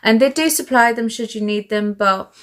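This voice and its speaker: A woman's voice: fairly high pitch, moderate pace. A British woman chatting through a casual show-and-tell vlog, a little out of breath, rambling with fillers and asides. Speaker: vlogger.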